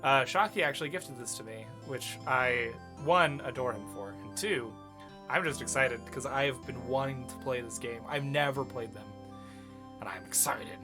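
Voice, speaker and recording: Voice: medium pitch, normal speed. A streamer chatting casually and reacting with joking asides while playing a game. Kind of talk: casual let's-play commentary. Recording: game music underneath.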